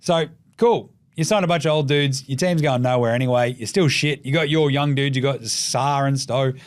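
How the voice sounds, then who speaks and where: A man's voice: medium pitch, moderate pace. An Australian man hosting a casual sports show, swearing freely and joking as he runs through his takes. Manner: profane, jokey, animated with mocking put-on voices. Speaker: podcast host.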